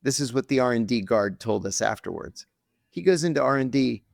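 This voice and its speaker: A middle-aged man, a podcast guest, telling a story with lively acted-out quotes on a close mic. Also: mid-range voice, brisk, gravelly, dry recording.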